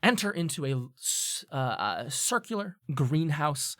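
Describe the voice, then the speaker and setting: Dry, close, higher-voiced man narrating a tabletop game. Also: big pitch swings, measured pace, fairly bright tone, no room sound. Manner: improvised description, many fillers and restarts. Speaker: game master.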